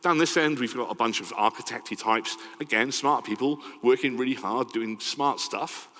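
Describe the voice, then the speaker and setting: A middle-aged man with a Welsh accent giving a lively, conversational conference talk and often checking in with "right?". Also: medium pitch, moderate pace. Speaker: conference speaker. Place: large conference hall. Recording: long hall reverb.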